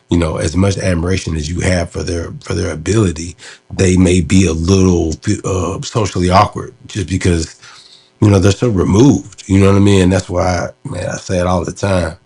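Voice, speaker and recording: A man's voice: low-pitched, darkish tone, slightly rough. A man casually recalling an interview he did, talking loosely with many fillers. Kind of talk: casual storytelling commentary.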